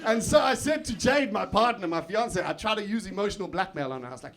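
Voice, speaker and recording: A man doing live stand-up on a comedy club stage, swinging from muttered asides to shouted outbursts. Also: high-pitched, lively intonation, fast. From South Africa. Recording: live club recording with crowd laughter. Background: audience laughter.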